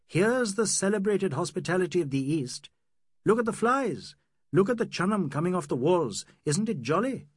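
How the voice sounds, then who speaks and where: A man's voice: on the high side, very animated, moderate pace, husky, no echo, clean studio sound, pitched above the performer's own voice. A man reading an audiobook, voicing a proud, emotional young Indian doctor who turns from sardonic to earnest. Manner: sardonic, then earnest and pleading.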